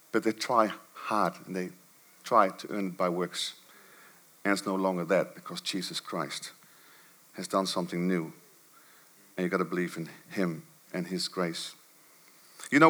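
A man preaching a sermon to a church congregation, swinging from low murmurs to high, emphatic bursts. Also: fairly bright tone.

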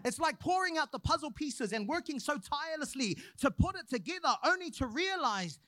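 A young man preaching a sermon, praying and then telling a personal story in an animated way. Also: very high-pitched, fairly quick, dry recording. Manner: animated storyteller, acts out quoted voices.

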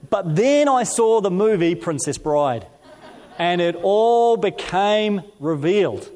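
Middle-aged male pastor, slightly raised pitch, measured sermon delivery with storytelling. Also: animated, a little mellow. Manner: storytelling, measured scripture reading.

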